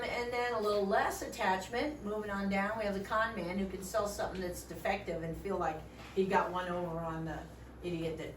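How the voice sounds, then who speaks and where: A woman's voice: mid-range voice, roomy sound, distant mic, slight background noise, rough recording. A middle-aged woman training volunteers in a meeting room, joking often and acting out what other people say. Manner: animated, joking, acts out quoted voices.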